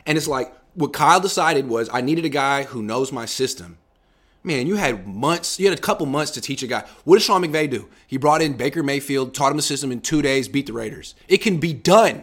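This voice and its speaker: A man's voice: a little high, lively intonation, a little fast, few pauses, fairly bright tone. A young man hosting a casual sports talk show, arguing his points with animation and reading out listener comments. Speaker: podcast host.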